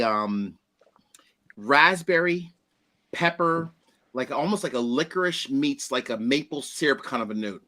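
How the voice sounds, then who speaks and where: A man hosting a casual whiskey tasting chat, animated and exclaiming often. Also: mid-range voice. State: eyes watering. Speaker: host.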